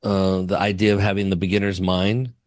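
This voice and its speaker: A man's voice: sits low, little pitch movement, brisk, darkish tone, dry recording. A man who works as a wealth advisor, chatting in an interview and telling stories with easy laughs. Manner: chatty storyteller, laughs easily. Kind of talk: casual interview chat.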